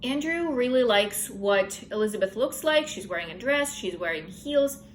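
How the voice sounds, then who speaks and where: A woman's voice: medium pitch, lively intonation, moderate pace, slight background noise, poor audio. A young woman casually recapping a novel's plot in her own words, candid and opinionated. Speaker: book reviewer. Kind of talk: casual book review chat.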